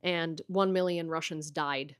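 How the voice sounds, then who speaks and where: A woman's voice: deep voice, fairly even intonation, a little slow, clean tone. Blunt, profane woman with an American accent. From Ukraine. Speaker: livestream host. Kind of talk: casual political commentary livestream.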